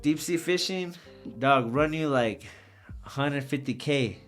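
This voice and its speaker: A man's voice: fairly high pitch, slow pace, soft background music. A man guest on a podcast telling casual, slangy, profane stories about his travels. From Socorro area. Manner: profane, slangy, animated anecdotes. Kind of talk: casual storytelling.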